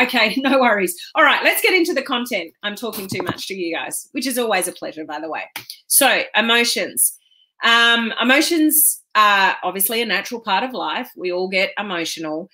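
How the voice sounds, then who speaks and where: A woman's voice: mid-range voice, bright, forceful tone. A woman business coach hosting a casual live stream, talking in a chatty, rambling way with frequent ums.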